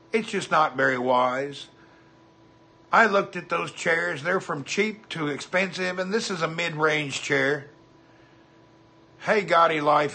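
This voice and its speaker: Husky folksy Southern man chatting. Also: on the high side, bright, forceful tone. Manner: folksy, chatty, greets viewers by name. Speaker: livestream host. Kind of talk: casual livestream chat reading comments.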